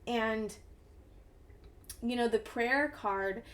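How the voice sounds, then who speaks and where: A woman's voice: on the high side, drawn-out words. A woman giving a casual tarot reading to camera, effusive and encouraging, rambling and restarting her sentences. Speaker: tarot reader.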